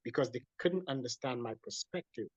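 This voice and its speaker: A man recounts his own story as an interview guest, with lots of stops and restarts as he goes. He sounds dull and lo-fi, and the recording is dry with no room echo. His pitch sits in the middle range for a man. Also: a little fast, slightly rough. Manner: animated storyteller with repeated restarts.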